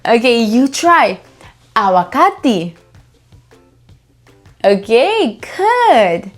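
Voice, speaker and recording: A woman teaching vocabulary to toddlers, prompting children to repeat each word slowly after her. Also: fairly high pitch, sing-song, faint music behind.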